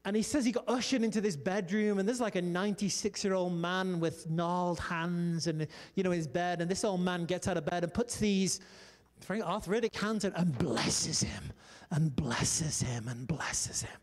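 High-voiced male preacher in a reverberant hall. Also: normal speed. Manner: storytelling, animated preaching with "come on" and "amen" calls. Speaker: pastor. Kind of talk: sermon.

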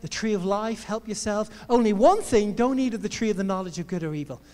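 A man playing God, speaking gently and slowly to the first humans. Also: high voice, close to an everyday voice. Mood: gentle. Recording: long hall reverb.

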